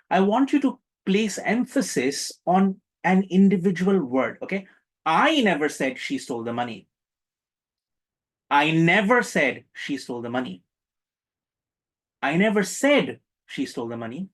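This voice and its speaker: A man with a somewhat high voice leads an interactive spiritual workshop. He jokes with his listeners and leans hard on key words to land each point. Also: poor audio. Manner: playful, joking, emphatic, engages the audience. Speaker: meditation workshop instructor.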